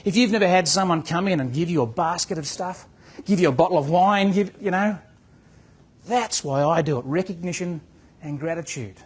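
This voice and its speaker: A man's voice: high-pitched, moderate pace, slightly rough. A man giving a motivational talk to real estate agents as a business coach, telling a story and acting out its dialogue. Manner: storytelling, acts out dialogue, repeats words.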